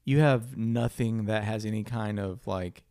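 A man's voice: on the low side, a little slow, darkish tone, dry recording, studio quality. A young man co-hosting a podcast, chatting casually and rambling with lots of "like" and the odd swear word. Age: young adult. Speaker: podcast co-host.

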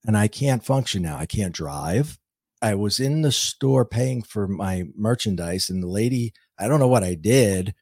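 Low-voiced man telling a personal story. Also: lively intonation, measured pace, darkish tone, no echo, clean studio sound. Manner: earnest, vivid storyteller who acts out his own past words. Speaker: guest, intuitive and author. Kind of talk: personal storytelling in a podcast interview.

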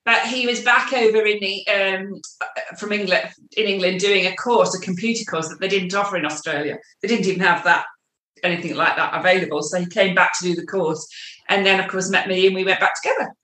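A woman recalling a story in casual conversation, talking quickly. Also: mid-range voice, pushed and bright. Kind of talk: casual chat. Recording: echoey room.

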